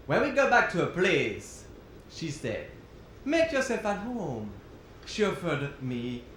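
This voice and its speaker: A man's voice: on the high side, a little hiss or hum. A man from Switzerland with a French accent, performing a one-man musical comedy show with wry storytelling. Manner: wry storytelling between songs, sung tango with piano. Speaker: cabaret performer. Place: theater stage. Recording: roomy stage sound with loud piano.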